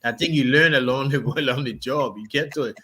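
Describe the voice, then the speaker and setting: A man's voice: mid-range voice, fairly quick, fairly bright tone, slightly rough. Hesitant man on a talk panel. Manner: hesitant, many fillers and restarts. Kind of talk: live panel discussion.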